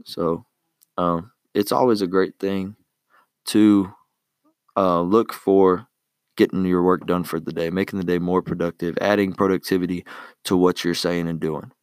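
Low-voiced young dude rambling life advice, slangy, dry close mic. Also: male voice, steady tone, unhurried, clear, resonant tone, no echo. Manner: laid-back, rambling with lots of fillers and slang. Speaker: vlogger giving life tips. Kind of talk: casual advice monologue.

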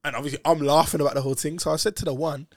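Young guy telling a story, fairly high voice, dry close sound, slangy and laughing a lot. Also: steady tone, rapid-fire, dry recording. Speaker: storyteller in a casual chat. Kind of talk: casual chat, animated anecdote.

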